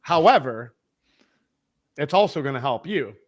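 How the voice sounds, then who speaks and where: A man's voice: medium pitch, lively intonation, measured pace. A man on a podcast as a guest, talking casually in a profane, emphatic, rambling way about selling. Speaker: podcast guest, head of sales.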